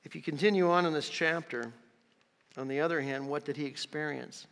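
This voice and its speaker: Bright, forceful preaching man. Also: fairly high pitch, a little fast, long reverb tail. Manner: emphatic, dramatic scripture reading. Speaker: pastor. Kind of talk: sermon. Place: church sanctuary.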